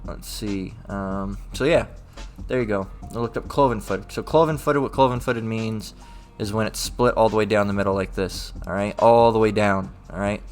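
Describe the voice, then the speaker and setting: A man with a fairly low voice leads a relaxed scripture study. He talks loosely and repeats himself, tacking "all right?" onto most lines, and lifts his voice when he reads the old-style verses aloud. Soft music plays faintly behind him. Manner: repetitive, checks in with "all right?". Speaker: religious teacher.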